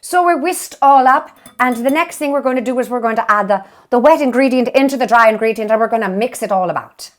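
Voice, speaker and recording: A woman's voice: fairly high pitch, quick pace, hardly any pauses, loud music behind the voice. A woman hosting a cooking show in a put-on Irish accent, giving a playful, cheeky comic cooking demonstration in a kitchen and swearing for laughs.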